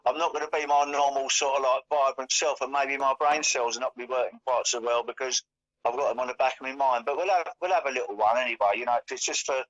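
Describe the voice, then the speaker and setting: A man's voice: medium pitch, steady tone, fast, fairly bright tone. A man chatting casually as co-host, rambling with lots of fillers and restarts. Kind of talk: casual chat. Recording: dull lo-fi audio.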